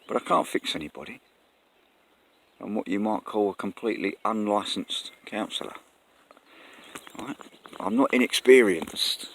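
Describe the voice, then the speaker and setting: A man talking casually and earnestly to camera outdoors in the countryside, rambling and correcting himself as he goes. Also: lowish voice. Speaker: vlogger. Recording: faint outdoor noise, birds.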